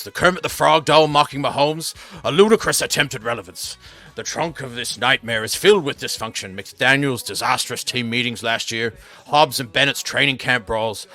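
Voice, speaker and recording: A man's voice: medium pitch, bright, forceful tone. A man voicing a rambling gonzo-journalist narrator in a put-on Irish accent, florid and theatrical.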